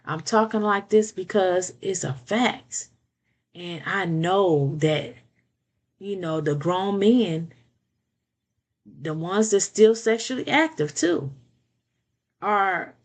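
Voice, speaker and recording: An older woman giving blunt, preachy relationship advice in a casual monologue, often repeating words and checking in with "okay?". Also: medium pitch.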